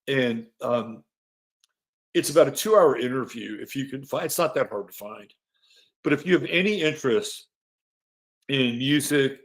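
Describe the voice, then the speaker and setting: A middle-aged man talks loosely through a livestream, greeting viewers by name and rambling between topics. His voice sits at an ordinary middle pitch, and he drops the odd curse word with easy, unhurried chattiness. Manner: loose and chatty, swears casually, many fillers. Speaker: astrology livestream host. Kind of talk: casual livestream chat, reading chat greetings.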